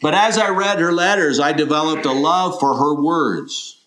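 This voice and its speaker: A man's voice: a little high, moderate pace, a bit bright, slight background noise. A middle-aged man preaching a sermon in an earnest, questioning way, often voicing imagined listeners. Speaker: pastor.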